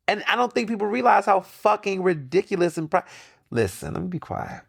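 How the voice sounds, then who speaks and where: A man hosting his own podcast, talking casually in a chatty, slangy way with quick asides. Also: high-pitched, lively intonation, gravelly, husky, dry recording, clean studio sound. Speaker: podcast host. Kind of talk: casual solo podcast monologue.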